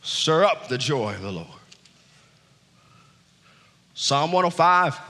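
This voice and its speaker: A man preaching a sermon as pastor, exuberant and laughing, often shouting to the congregation. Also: a little high, very animated, takes it slowly, long reverb tail. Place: church sanctuary.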